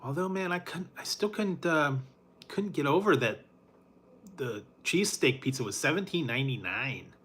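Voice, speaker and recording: A man's voice: on the high side, lively intonation, moderate pace, a bit bright, slightly rough. Laid-back rambling man chatting about pizza. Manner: rambling, laid-back, chuckles often, many fillers. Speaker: food reviewer. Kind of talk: casual chat with live chat viewers.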